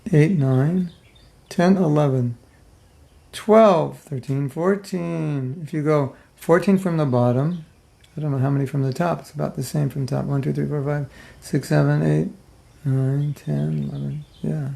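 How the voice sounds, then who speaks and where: In a casual and comic spiritual class, a middle-aged man jokes with those listening and performs their reactions for laughs. His pitch is fairly high, his intonation fairly even, and he talks a bit slowly, with vocal fry and a dark tone. The manner is jokey and conversational.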